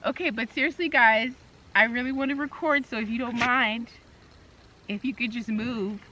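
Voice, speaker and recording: A young New York woman vlogs outdoors near horses and dogs, talking candidly to camera and laughing often in casual chat. Her voice is a little high, bright and forceful, with fairly even intonation and a normal pace, plus a little hiss or hum.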